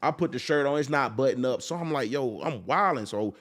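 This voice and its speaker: A young man, a podcast guest, telling a personal story in a casual, animated way and acting out the people in it. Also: medium pitch, fairly quick. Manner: animated, acts out quoted people.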